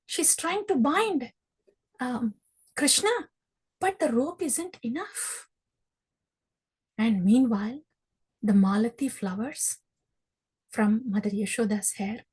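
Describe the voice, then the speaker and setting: A woman teaching a scripture class who tells the story in an animated way and acts it out. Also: fairly high pitch, husky, poor audio.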